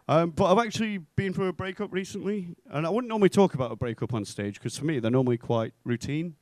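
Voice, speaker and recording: Here a young comic from England's North West works a club crowd, acting out voices from his stories between dry, deadpan punchlines. His voice is a little high, he talks fast, and the recording is dry.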